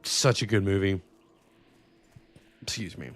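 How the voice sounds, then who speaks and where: This man's voice sits at medium pitch with a moderate pace. During a live game stream he chats casually with his viewers, swearing freely and frequently wandering off topic.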